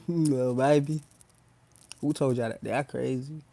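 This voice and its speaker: A young man hosts a laid-back phone livestream, chatting loosely in slang and repeatedly talking to his viewers in chat. His voice is mid-range, slow, creaky and dark in tone.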